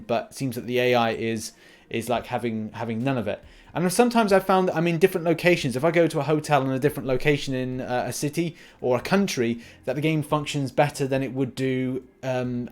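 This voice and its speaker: A young man hosting a gaming channel, chatting casually as he reads out viewer comments and answers them, with plenty of restarts and fillers. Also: mid-range voice. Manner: rambling, frequent restarts and fillers.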